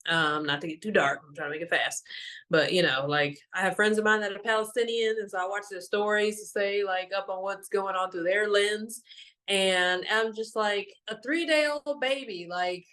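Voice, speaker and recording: A woman's voice: medium pitch, fairly even intonation, moderate pace, fairly bright tone. A young woman and mother, a meditation teacher talking loosely and emotionally through a spiritual card message, full of fillers. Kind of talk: casual spiritual talk.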